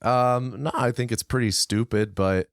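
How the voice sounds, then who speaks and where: A man with a mid-pitched voice chats on a podcast. He is laid-back and dry, answering in short, easy phrases. The recording sounds close and dry. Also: fairly even intonation, moderate pace, no echo. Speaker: podcast co-host. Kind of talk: casual chat.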